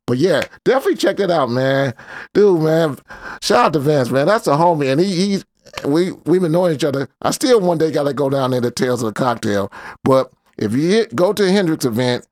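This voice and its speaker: A man's voice: fairly high pitch, animated, a little fast, darkish tone, no echo. Guy just chatting, chill and slangy, lots of ums, dry close sound. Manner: laid-back slangy rambling, many fillers. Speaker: host. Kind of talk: casual commentary.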